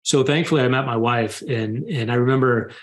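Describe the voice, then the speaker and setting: A man's voice: mid-range voice, a little fast. Candid man telling his story. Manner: open, confessional, animated when retelling scenes. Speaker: guest.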